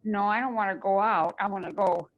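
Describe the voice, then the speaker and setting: A woman on a video call, puzzled by the software and reading out the options she sees. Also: mid-range voice, fairly even intonation, fairly quick. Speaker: book study group member. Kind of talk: casual talk on a video call. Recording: dull video call audio.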